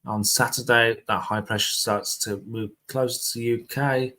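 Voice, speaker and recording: A man, presenting a casual amateur weather forecast on a live stream in a relaxed, chatty way. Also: medium pitch, moderate pace. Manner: laid-back, chatty, laughs often.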